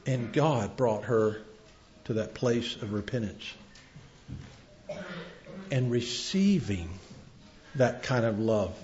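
A middle-aged male preacher giving a sermon, swinging from loud emphatic cries to soft, quiet words. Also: medium pitch, expressive, slow pace, pauses often. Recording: dull lo-fi sermon recording.

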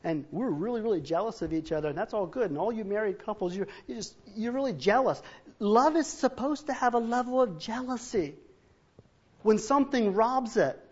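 A man's voice: high voice, lively intonation, brisk, husky, highs cut off. Earnest man preaching a sermon. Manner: earnest, emphatic, with repeated restarts. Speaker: pastor.

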